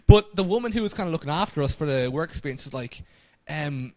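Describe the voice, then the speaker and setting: Young dude rambling and poking fun at himself, bit high voice. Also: male voice, expressive, fairly quick, few pauses, no echo. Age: 20s. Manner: rambling, self-mocking storytelling. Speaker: podcast co-host. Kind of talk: casual chat.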